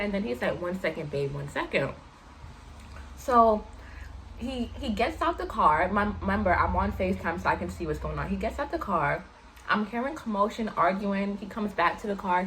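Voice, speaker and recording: Animated young woman telling a story. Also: a little hiss or hum, poor audio. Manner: animated, slangy, acts out quotes in higher voice. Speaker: vlogger telling a personal story. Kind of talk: casual storytime chat.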